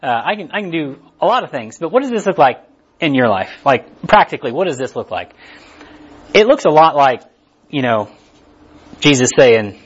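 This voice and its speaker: A man's voice: on the high side, fairly quick, husky, lo-fi sound. A man preaching a casual, conversational sermon, acting out what people tell themselves. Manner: casual, animated, acts out inner voices.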